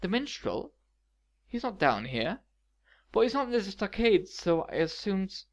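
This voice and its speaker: A man's voice: high voice, very animated, a little slow, voice pushed up, exaggerated voice. A man doing a theatrical, scornful sorceress villain. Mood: sweetly false. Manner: dramatic, sneering, rising to fury. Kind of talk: audiobook reading of fan fiction.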